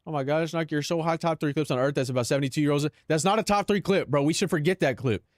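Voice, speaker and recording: A man's voice: on the high side, fast, dry recording. Slangy streamer guy, dry close sound. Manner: slangy, calls chat "bro", laughs between lines. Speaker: live streamer. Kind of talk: casual livestream chat.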